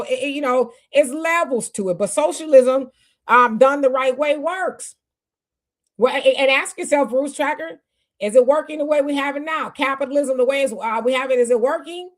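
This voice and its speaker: Woman host, 50s, fairly high voice, casual conversational stream chat. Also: moderate pace. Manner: conversational, reads viewer comments aloud.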